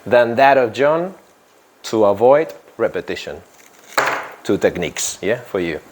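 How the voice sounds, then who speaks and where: A man's voice: fairly low pitch, very animated, a little slow, background noise. A man teaching an English grammar lesson to a class, repeating phrases and checking in with "yeah?" after nearly every point.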